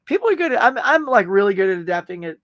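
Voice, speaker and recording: A man's voice: sits high, very animated, fast talker, no room sound, muffled recording. A man hosting a casual live chat show, rambling in a friendly, talkative way as he answers viewer comments. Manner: rambling, chatty, friendly, with frequent fillers and laughs. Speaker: host.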